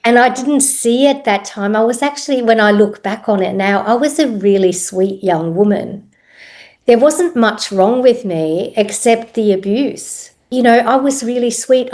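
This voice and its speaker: A middle-aged woman telling her own story as a podcast guest, reflective and halting, often pausing with "um". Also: mid-range voice, a little mellow. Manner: reflective, unhurried, pauses with ums. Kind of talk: personal story in interview.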